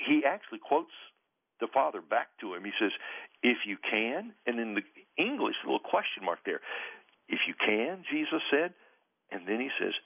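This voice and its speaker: A male pastor and author, a guest on a radio show, speaking earnestly with emphatic, drawn-out stresses. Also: on the low side, creaky, fairly bright tone, lo-fi sound. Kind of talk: radio interview, preaching tone.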